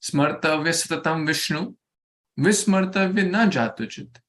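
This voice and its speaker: A man teaching a scripture verse to a study group, going slowly, repeating words and asking the group questions. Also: on the high side, a bit bright.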